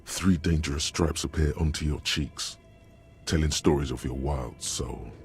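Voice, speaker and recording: A man voicing a solemn male narrator of the mind in a video game, speaking in a grave, measured, ominous way with a very deep, gravelly voice. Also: soft background music.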